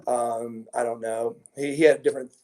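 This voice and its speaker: A man's voice: medium pitch, fairly even intonation, brisk, a little mellow. A middle-aged man, a former pro wrestler, giving an interview, telling stories casually with many repeated words, restarts and chuckles. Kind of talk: casual anecdotal storytelling.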